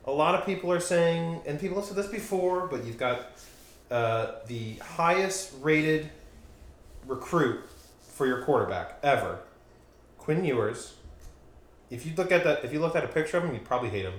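A man's voice: fairly high pitch, expressive, moderate pace. A man hosting a casual podcast with a friend, rambling and correcting himself as he jokes around. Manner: rambling, self-correcting, joking. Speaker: podcast host. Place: home room with dogs nearby. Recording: echoey room with faint noise.

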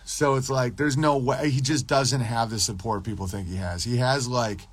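A man's voice: mid-range voice, fairly even intonation, normal speed, husky. A man talking loosely and profanely on his podcast livestream, rambling between topics and answering chat messages. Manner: profane, loose, rambling, drops into mocking impressions. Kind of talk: casual rambling livestream monologue.

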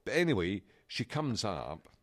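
A middle-aged man on a podcast, telling an animated, exasperated anecdote in casual chat. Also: on the low side, measured pace, no room sound, clean studio sound. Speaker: podcast co-host.

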